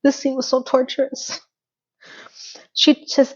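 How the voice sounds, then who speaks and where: A woman casually recapping a TV episode in a blunt, animated, swearing style. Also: mid-range voice, measured pace, lo-fi sound. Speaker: TV recap vlogger.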